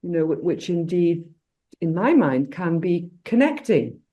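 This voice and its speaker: A woman's voice: fairly low pitch, sing-song, unhurried, dark tone, dull audio. Woman, 60s, coach, rambling conversational storyteller on a call. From Britain. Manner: rambling storyteller with many restarts and fillers. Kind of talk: casual group discussion.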